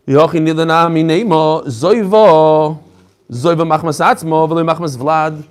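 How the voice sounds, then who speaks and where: Animated man teaching a Talmud class. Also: sits high. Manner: animated, rhetorical questions, mixes English with Hebrew and Aramaic terms. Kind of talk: lively Talmud lecture to a live group.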